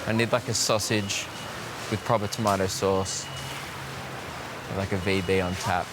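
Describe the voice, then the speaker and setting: A man's voice: low voice, fairly even intonation, moderate pace. A young Australian man doing chatty stand-up comedy and crowd work on a large theater stage. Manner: chatty, crowd-work banter with acted-out voices. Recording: roomy live theater sound, loud crowd noise. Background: audience laughter.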